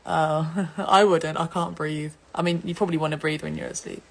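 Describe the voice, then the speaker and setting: A woman's voice: deep voice, steady tone, moderate pace, gravelly. A young woman from England, chatting casually and giggling on an Instagram live stream. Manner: giggly and chatty, laughs often.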